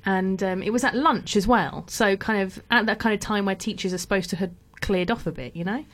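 A woman's voice: medium pitch, brisk. A young woman telling a story in casual chat, often laughing, with lots of fillers.

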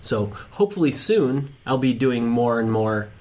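Man, podcast team member, mid pitch, easygoing, casual. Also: very animated, normal speed, darkish tone.

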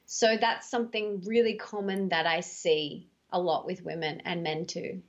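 A woman's voice: fairly low pitch, steady tone, moderate pace. A woman guest on a podcast, telling stories emphatically and animatedly, often stretching her words out. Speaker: podcast guest, author and speaker. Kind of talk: casual conversation. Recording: dull lo-fi podcast audio.

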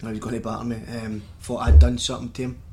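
Fast-talking excitable man. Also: medium pitch, background noise. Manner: excitable storyteller, swears and repeats himself. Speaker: podcast co-host, former footballer. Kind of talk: casual football chat.

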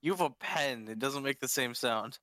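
A man's voice: medium pitch, moderate pace, pushed and bright, dry recording, clean studio sound. A young man chatting casually with friends, brash and mocking, swearing often. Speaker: friend in group chat. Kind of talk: casual chat.

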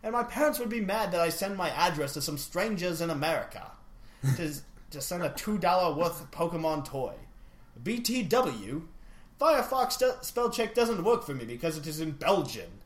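A man puts on a young foreign fan writing in, reading his broken English in a stiff, halting way. The voice sits a little high and jumps around a lot, and it rings in an echoey room. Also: very animated. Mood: earnest. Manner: halting, awkward phrasing.

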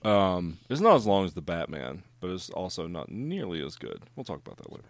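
A man's voice: deep voice, very animated, a little fast, no echo. A man chatting casually about movies, rambling with lots of fillers and swearing.

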